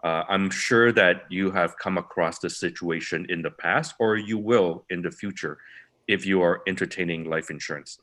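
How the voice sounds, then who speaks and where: A man with a very low, deep voice hosts a podcast. He explains each point step by step, stacking examples in lists and circling back to repeat his main idea. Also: normal speed, a bit bright. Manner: methodical, builds points through lists and repetition. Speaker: podcast host.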